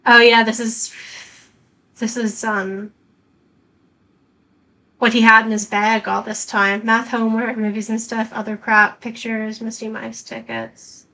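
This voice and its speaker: A woman's voice: fairly high pitch, flat delivery, unhurried, long pauses, bright, forceful tone, poor audio. A young woman streamer giving casual gameplay commentary, swearing bluntly as she reacts. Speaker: let's play streamer.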